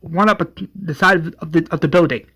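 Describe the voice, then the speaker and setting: A man's voice: on the high side, normal speed, pushed and bright, breathy edge, pitched above the performer's own voice. A man voicing an earnest young superhero who speaks with urgency. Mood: urgent. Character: young male speedster hero, earnest.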